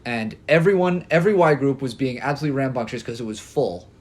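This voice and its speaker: A man's voice: mid-range voice, fast. A young man co-hosting a podcast, telling a story in casual chat with hesitant fillers. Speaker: podcast co-host.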